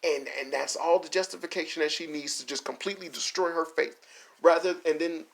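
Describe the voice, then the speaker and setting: A man's voice: on the high side, vocal fry, a bit bright. A man in a casual, exasperated rant reviewing an anime, swearing and laughing as he mocks the characters. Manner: mocks characters in quick put-on voices. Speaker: video essay host.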